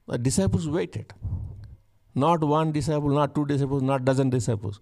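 A man's voice: fairly high pitch, normal speed. A male pastor preaching a fervent sermon, repeating key phrases for emphasis.

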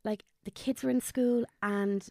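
A woman tells an emotional personal story as a podcast guest. Her voice has a gravelly creak, and she often falters and drops to a hushed tone. The sound is close and dry. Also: medium pitch, fairly even intonation, no echo. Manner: halting, drops to a hushed near-whisper on painful memories.

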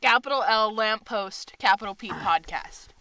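Bright giggly woman podcast host. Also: mid-range voice, moderate pace, no echo, poor audio. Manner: giggly, laughs through her lines; teasing, crude banter. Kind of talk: casual chat.

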